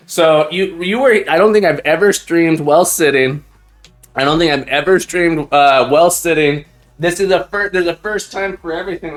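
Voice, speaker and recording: An upbeat man hosts a casual live stream from a room at home. His voice sits a little high, and he chats warmly with viewers, often repeating his phrases. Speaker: live-stream host and teacher.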